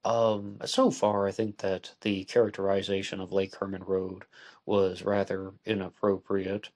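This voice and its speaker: Man, deep voice, podcast host, deliberate, measured. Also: darkish tone. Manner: measured, deliberate, spells out letters. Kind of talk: solo podcast book discussion.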